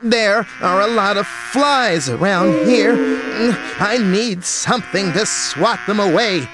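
A man voicing a clever, cheeky male monkey in a high, playful, sly voice over music. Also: expressive, slow pace, heavy background noise. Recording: music bed underneath.

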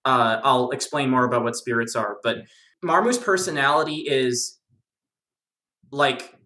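A speaker in a relaxed lore chat, bright-toned and animated, circling back with fillers and restarts. There is a roomy echo around the voice. The manner is jokey and eager. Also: medium pitch, a little slow. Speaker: guest lore explainer. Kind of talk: casual discussion.

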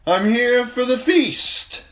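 A man voicing a drunken, arrogant young exiled king who shouts in a high, slurred, drawn-out voice. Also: expressive, heavily acted. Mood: slurred menace. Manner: shrill, shouting, slurred and slow.

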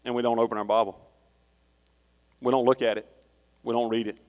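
A man preaches in a casual, conversational way and moves easily from a personal story to scripture. His voice sits at an ordinary middle pitch. The sound carries a long reverb from a church hall. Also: little pitch movement, brisk, darkish tone. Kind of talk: sermon.

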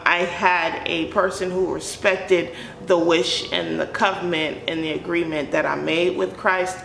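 Slow, gravelly woman telling a story. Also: on the low side, a little hiss or hum. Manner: animated, joking confessional tone. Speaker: vlogger. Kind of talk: storytime vlog. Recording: roomy echo.

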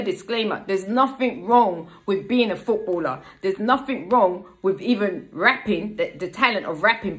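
A woman's voice: medium pitch, a bit bright. Woman preaching casually. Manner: addresses listeners often, asks "yeah?" and repeats phrases. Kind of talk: casual online sermon.

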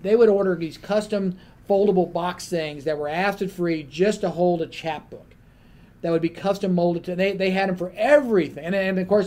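A man on a panel telling a lively anecdote and acting out the other people in his story. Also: sits high, a little hiss or hum.

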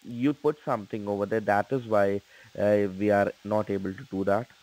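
A man's voice: fairly low pitch, fairly even intonation, moderate pace, darkish tone. A man on a phone call, insisting in broken English and repeating "sir" and "okay". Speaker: phone scammer.

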